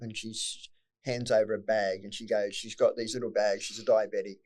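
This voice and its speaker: Middle-aged man, Australian accent, lowish voice, quick pace, blunt and swearing. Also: little pitch movement. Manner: blunt, swears freely, emotional at times. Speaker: podcast guest. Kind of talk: candid personal storytelling.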